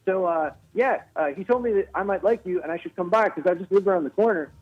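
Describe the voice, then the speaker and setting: A man impersonating an excited, slightly out-of-breath late-night talk show host, eager and stammering. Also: sits high, quick pace, narrow, tinny audio, pitched above the performer's own voice. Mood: chummy. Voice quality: a little out of breath. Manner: eager, gushing, stammering restarts.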